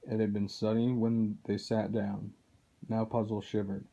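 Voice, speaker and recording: Man reading a story in a dark voice. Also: fairly low pitch, level tone, measured pace, gravelly, slightly rough. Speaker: narrator. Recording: dull lo-fi recording.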